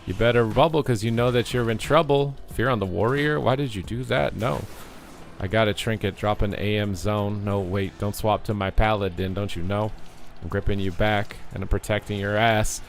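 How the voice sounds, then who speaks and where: A man's voice: fairly low pitch, fairly even intonation, normal speed, creaky. Rhyming male gamer over faint music. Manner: playful rhyming delivery. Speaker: gamer streamer. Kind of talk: rhyming rap commentary over gameplay.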